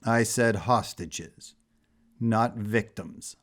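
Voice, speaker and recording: A man voicing a stern male armored supervillain who speaks slowly and deliberately. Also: on the low side, steady tone, close to an everyday voice. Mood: cold. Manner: slow, clipped, deliberate.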